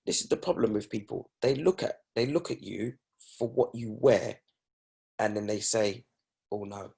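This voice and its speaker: A man's voice: medium pitch, moderate pace, vocal fry, mellow, slightly rough. A young man, a guest in a casual chat, telling stories in an emphatic, indignant way.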